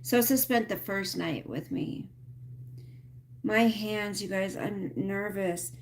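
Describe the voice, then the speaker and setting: A woman's voice: medium pitch, slow pace, a little hiss or hum. A woman hosting a casual livestream, rambling and venting with lots of fillers and some swearing. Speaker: livestream host.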